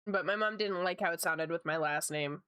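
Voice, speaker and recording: A woman's voice: lowish voice, a little fast, fairly bright tone, smooth, no echo. A woman chatting casually with her stream while drawing, often breaking into laughter. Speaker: art streamer.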